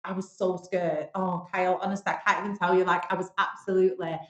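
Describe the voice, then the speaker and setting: A woman's voice: lowish voice, little pitch movement, fast talker. A woman from Bolton with a Northern English accent, a podcast guest telling stories frankly and chattily, with some swearing. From Bolton, England. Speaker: podcast guest, business owner. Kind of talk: casual interview storytelling. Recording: roomy echo.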